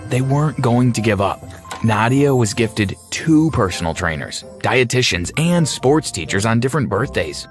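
A man narrating a scripted animated story in a wry, sardonic way. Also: medium pitch, moderate pace. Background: faint music.

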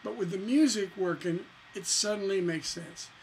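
A man's voice: sits high, normal speed, slight background noise, low-quality recording. A man teaching songwriting in a casual lesson, joking as he goes and breaking into sung lines. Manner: breaks into singing lines over guitar, joking asides. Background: his own guitar playing.

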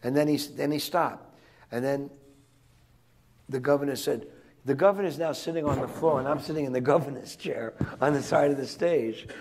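An older man with a rough, gravelly edge to his voice tells stories to a live audience of students. He talks in a chatty, digressive way, restarting his sentences and chuckling along as he goes. His pitch sits in an ordinary middle range for a man. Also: normal speed, a little mellow, slight background noise. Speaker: guest speaker. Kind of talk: rambling anecdotal storytelling to students.

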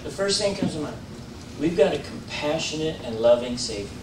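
Man, preacher, fairly high voice, conversational sermon, echoey church, off-mic, faint hum. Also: normal speed. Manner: conversational, animated, with many fillers and restarts. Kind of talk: informal sermon. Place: church sanctuary. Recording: roomy church audio, mic at a distance.

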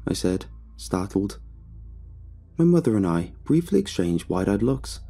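A man narrating a horror story in a slow, hushed storytelling manner with a gravelly, husky voice. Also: lowish voice, animated, soft background music.

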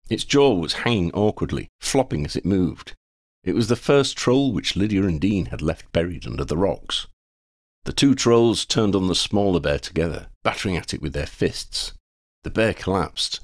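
A man reading a fan fiction chapter aloud as an audiobook narrator, with expressive storytelling. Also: deep voice, moderate pace, dry recording, clean studio sound.

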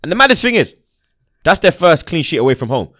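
A young man hosting a casual football chat, animated and slangy, swearing and laughing a lot. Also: on the high side, quick pace, no echo, studio quality. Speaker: football channel host.

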